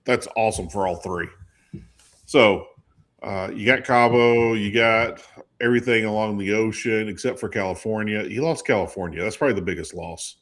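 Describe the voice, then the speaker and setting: A man hosting a casual talk show, chatting and asking his co-host questions in a lively way. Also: lowish voice, normal speed. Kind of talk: casual chat.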